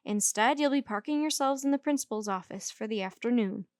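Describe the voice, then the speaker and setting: A woman voicing a patient male schoolteacher who speaks in a measured way and gently corrects grammar. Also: a little high, no echo, natural voice. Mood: stern. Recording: dry close recording.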